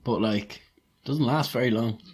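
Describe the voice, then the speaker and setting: A man's voice: mid-range voice, measured pace, darkish tone, husky. An Irish man on a casual podcast, laid-back and joking with his friends. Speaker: podcast co-host. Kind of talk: casual chat.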